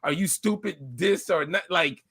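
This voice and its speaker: A man's voice: high-pitched, normal speed, vocal fry, fairly bright tone, breathy edge. A man co-hosting a podcast, talking in a casual, profane and teasing way. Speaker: podcast co-host. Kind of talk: casual rant chat.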